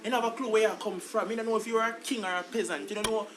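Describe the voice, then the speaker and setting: A man's voice: high voice, rapid-fire, over a noisy crowd, low-quality recording. A Jamaican man co-hosting a podcast, chatting in patois and calling everyone "brother". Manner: animated, lots of "brother", patois. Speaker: podcast co-host. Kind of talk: casual chat.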